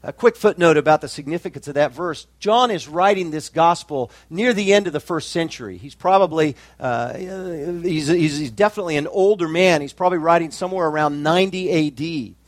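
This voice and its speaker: A pastor preaching a sermon with emphatic, rising climaxes and slow drawn-out phrases. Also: male voice, fairly high pitch, dry recording.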